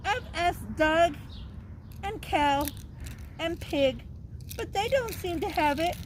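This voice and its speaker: A woman's voice: very high-pitched, lively intonation, slow pace, slight background noise, full character voice. A woman voicing a small, determined girl kitten in a storybook, asking earnestly and a little pleadingly.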